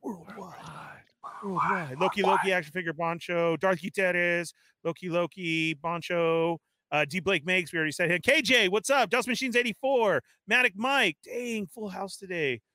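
Bright, high-voiced male stream host. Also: no room sound. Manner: energetic, reads viewer shout-outs rapid-fire. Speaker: livestream host. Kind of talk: casual live-stream chat.

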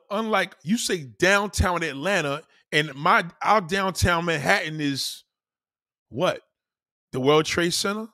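A man's voice: sits high, sharp tone, dry recording, studio quality. Blunt, profane New York man. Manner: blunt, profane, emphatic with repetition. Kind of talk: casual rant.

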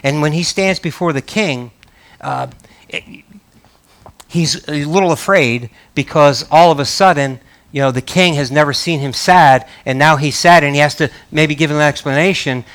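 Male pastor, animated conversational preaching that swells into loud emphatic bursts; voice sits a little high. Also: normal speed. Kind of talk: sermon.

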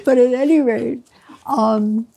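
A woman's voice: on the high side, slow, gravelly, mellow. An older woman, a pediatrician, telling her story in an interview, reflective and wry, laughing between phrases. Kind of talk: storytelling in conversation.

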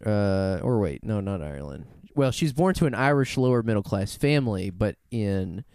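Guy on a podcast rambling thru a story, lots of laughs, pitch all over, dry close sound. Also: moderate pace, clear, resonant tone, dry recording. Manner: laughs often, animated, rambling with self-corrections. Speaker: podcast co-host. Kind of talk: casual storytelling chat.

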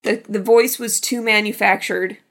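Opinionated woman with a gravelly edge. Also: mid-range voice, fairly even intonation, moderate pace, fairly bright tone. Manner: blunt, opinionated, talks through questions she answers herself. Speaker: podcast co-host. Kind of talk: casual film review chat.

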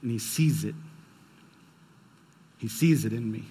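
A man's voice: medium pitch, a little slow, warm tone, a little hiss or hum. A young man preaching a sermon, telling a personal story in a casual, conversational way. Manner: conversational, storytelling with quoted dialogue. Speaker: pastor.

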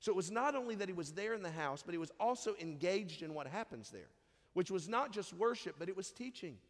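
A man's voice: high-pitched, expressive, brisk, long reverb tail. A man preaching a sermon in a conversational way, reading scripture and briefly acting out the people in the story. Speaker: pastor.

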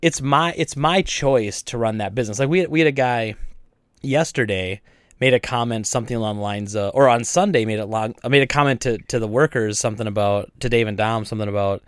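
A man co-hosting a podcast, ranting in a casual, animated and exasperated way about store customers. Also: mid-range voice, a little fast, smooth, no room sound, clean studio sound. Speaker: podcast co-host and store owner.

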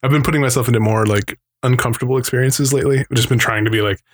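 A man's voice: medium pitch, fairly even intonation, rapid-fire. Chatty man telling a rambling story. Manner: rambling storyteller who acts out quoted voices; laughs often between remarks. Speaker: podcast co-host. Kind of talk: casual chat.

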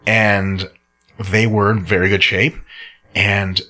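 Guy on a podcast, lower voice but bright, swears a lot, casual storytelling. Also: flat delivery, takes it slowly. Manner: profane storytelling, laid-back. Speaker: podcast host. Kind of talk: casual chat.

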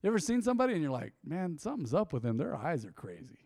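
Male pastor, fairly high voice, dry close sound, lively preaching that swells and hushes. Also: very fast, no echo. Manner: animated, preaching with sudden loud swells and quiet drops. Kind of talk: sermon. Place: church.

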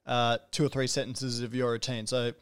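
A man's voice: medium pitch, level tone, normal speed, crowd noise. A man hosting a podcast interview, talking in a loose, rambling way with many restarts and playful asides. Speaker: podcast host. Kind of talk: casual interview chat.

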